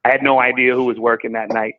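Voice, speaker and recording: A man's voice: medium pitch, fast, no echo. Man on a tinny phone-like line. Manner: animated, acts out voices in anecdotes. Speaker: comedian guest. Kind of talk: storytelling conversation. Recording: tinny phone-like call audio.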